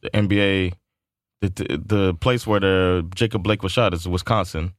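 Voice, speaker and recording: A man's voice: low voice, fairly even intonation, normal speed, no room sound, clean studio sound. A man co-hosting a podcast in casual chat, loose and rambling, laughing and swearing freely. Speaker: podcast co-host.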